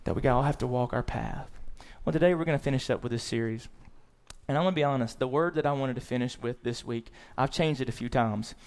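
A male pastor preaching a sermon in an animated way, swinging into loud excited bursts and repeating words as he restarts. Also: medium pitch, fast talker, smooth.

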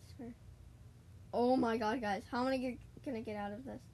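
A woman chatting casually while she plays a video game, excitable and talking straight to her listeners. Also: on the high side, quick pace. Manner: chatty and excitable, keeps addressing "guys". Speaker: gaming podcaster. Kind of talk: casual gaming commentary.

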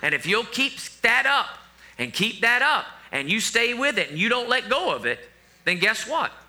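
Bright, lively-voiced male preacher. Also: extremely high pitch, moderate pace. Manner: conversational, joking asides to the congregation. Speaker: pastor. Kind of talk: sermon.

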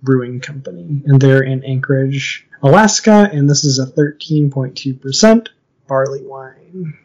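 A man hosting a casual podcast with his best friend, friendly and quick to laugh. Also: medium pitch, a little mellow, muffled recording. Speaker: podcast co-host. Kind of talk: casual chat.

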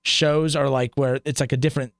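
A man's voice: medium pitch, flat delivery, vocal fry, no room sound, clean studio sound. A young man chatting as a podcast guest. He tells stories in a loose, rambling way and acts out what people said. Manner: rapid rambling storytelling, acts out quotes. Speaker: guest, radio station sales staff. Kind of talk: casual podcast chat.

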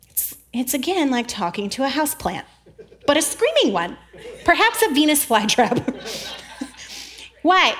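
A woman in her thirties giving a sermon-style talk, animated and laughing often, jittery from caffeine. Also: sits high. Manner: animated, laughs often, acts out quoted voices; jittery, says she is over-caffeinated. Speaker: speaker giving a faith talk.

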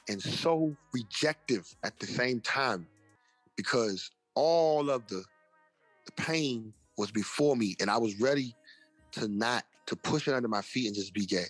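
A man's voice: mid-range voice, a bit bright, husky. A young man, an interview guest and author, telling a personal testimony in casual slang and acting out the voices of people he quotes.

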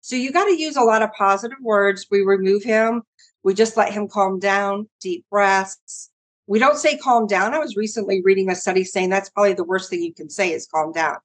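A woman who is a mother, a guest on an interview podcast, calmly explaining how she handles her son. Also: medium pitch, fairly quick. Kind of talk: conversational interview.

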